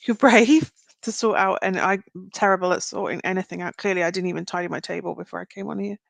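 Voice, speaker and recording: A woman's voice: fairly low pitch, fast talker, gravelly, no echo. Chatty woman reading tarot. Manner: chatty, speaks straight to viewers. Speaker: tarot reader. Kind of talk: live-stream card reading.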